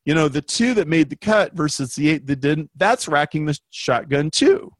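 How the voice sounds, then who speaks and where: A man telling an anecdote in a lively, conversational way, acting out the voices of the people in it as a guest explaining marketing. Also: a little high, normal speed, no echo. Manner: animated, acts out quoted voices. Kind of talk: conversational storytelling.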